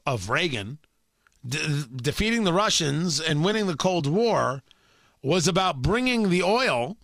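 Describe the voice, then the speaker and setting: A man's voice: a little high, pushed and bright, dry recording, clean studio sound. A man hosting a political talk show, giving sarcastic, emphatic, incredulous commentary.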